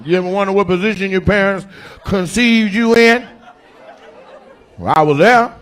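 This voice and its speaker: A high-pitched comedian works the crowd at a club at a moderate pace, loud and animated. His delivery jumps between shouting and muttering, picked up live on a stage mic.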